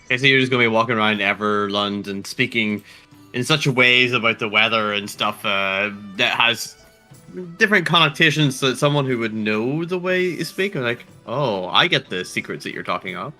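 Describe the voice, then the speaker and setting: Bright-voiced male dungeon master. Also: mid-range voice, moderate pace, faint music behind. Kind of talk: running a tabletop game, casual.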